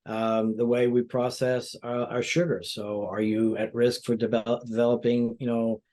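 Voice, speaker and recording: Male doctor guest, calm explanatory talker, average pitch, lots of filler phrases. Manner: explanatory, measured, frequent "you know" fillers. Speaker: plastic surgeon guest. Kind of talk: interview answers.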